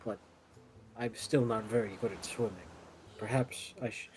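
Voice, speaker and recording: A man's voice: on the low side, fairly even intonation, moderate pace, a little mellow, a little hiss or hum, close to an everyday voice, rough recording. A man voicing a young human woman who overplays her pitiful, theatrical distress. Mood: mock-tragic.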